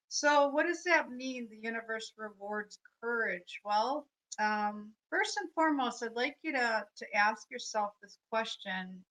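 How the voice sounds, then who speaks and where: A woman's voice: mid-range voice, sharp tone, poor audio. A woman life coach giving a live, earnest spiritual talk, reflective and full of fillers. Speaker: life coach and energy healer.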